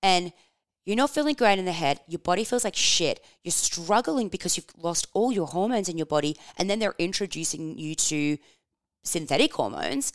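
A woman's voice: lowish voice, normal speed, dry recording, studio quality. Frank, swearing woman in her thirties. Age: 30s. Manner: frank and animated, swears casually, laughs while telling stories. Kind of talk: personal storytelling, candid and confessional.

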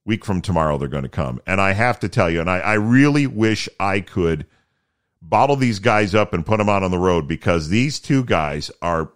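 A man from Canada hosting a casual solo podcast, chatty and rambling with self-deprecating asides, his voice a little deeper from early morning. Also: lively intonation, moderate pace. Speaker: podcast host.

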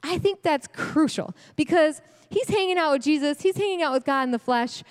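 A woman delivering a sermon at a women's event, animated and slangy, laughing often. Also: high-pitched, moderate pace. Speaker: speaker at a women's ministry event. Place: church event hall. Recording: long hall reverb.

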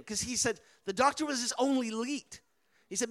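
A man with a high, light voice tells a mission-field story in a lively storytelling style. He speaks with animated energy and pushes up to loud, emphatic moments. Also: normal speed. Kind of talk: storytelling sermon.

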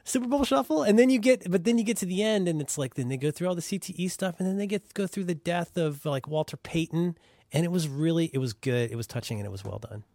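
A man's voice: fairly high pitch, animated, fast, a little mellow, no room sound, studio quality. A man co-hosting a podcast, telling rambling, wry stories in casual chat and swearing freely. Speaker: podcast co-host.

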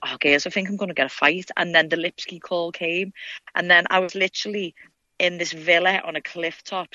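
A woman's voice: lowish voice, pushed and bright, no echo, lo-fi sound. A young woman with a Liverpool Scouse accent telling stories bluntly and swearing freely in a casual interview. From Liverpool, England. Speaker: guest fighter.

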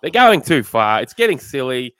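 A man's voice: medium pitch, very animated, normal speed, fairly bright tone, clean tone, dry recording. A man co-hosting a podcast, bantering in a laid-back way, heavy on slang. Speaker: podcast co-host. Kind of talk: casual chat.

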